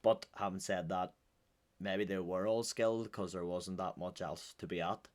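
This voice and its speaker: A man with a Northern Irish accent and a low, steady voice hosts casual reaction commentary at a normal speed. He jokes his way through it in a chatty, offhand manner.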